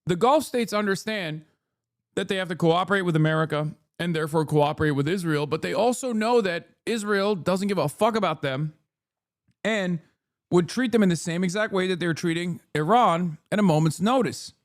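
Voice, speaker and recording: Speaking at normal speed in a high-pitched voice, this streamer host chats casually about politics. His take is blunt, profane and opinionated, dotted with "like" and "okay?".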